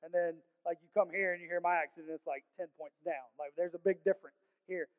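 Preaching at a quick pace in a high, steady voice, a male pastor delivers an earnest, conversational sermon sprinkled with casual slang. The sound is tinny like a phone, with long reverb from the large church sanctuary.

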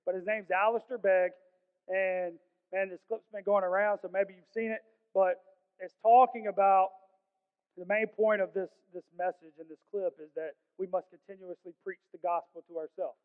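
A man's voice: high-pitched, fairly even intonation, normal speed, smooth. A male pastor preaching a sermon in an earnest, conversational way with casual slang, recorded in a large church sanctuary. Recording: tinny phone-like sound with long hall reverb.

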